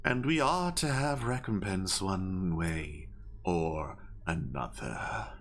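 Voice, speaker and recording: A man voicing a giant owl who leads a town, speaking slowly, formally and coldly. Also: low voice, lively intonation, exaggerated voice. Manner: slow, measured, formal.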